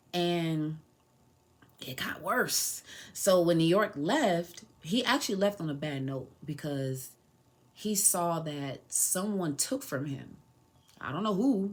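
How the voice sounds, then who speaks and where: A young woman in her twenties with a low, full voice tells a personal story on her podcast. She speaks casually and with feeling, and acts out the lines of the people she is quoting. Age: 20s. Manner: emotional, animated retelling with quoted dialogue. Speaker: podcast host.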